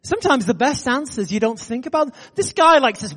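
Man preaching, high voice, swooping delivery, reverberant hall. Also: normal speed. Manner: animated, building excitement in anecdotes. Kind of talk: storytelling sermon.

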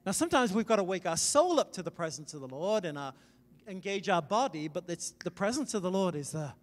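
A middle-aged man from Wales preaching a conversational sermon, emphatic, with sudden loud swells. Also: sits high, very animated, brisk. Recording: long reverb in a large hall.

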